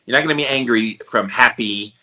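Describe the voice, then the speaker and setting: Bright-toned man in his forties, lo-fi. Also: mid-range voice, fairly quick. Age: 40s. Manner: thinks out loud, hesitant restarts. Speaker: podcast co-host. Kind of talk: casual podcast chat.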